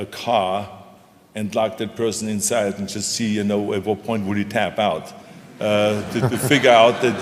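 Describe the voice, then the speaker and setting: Older man, low voice, emphatic, folksy, punchy repeated phrases, onstage conversation, long hall reverb. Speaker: guest speaker, former governor. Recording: echoey hall.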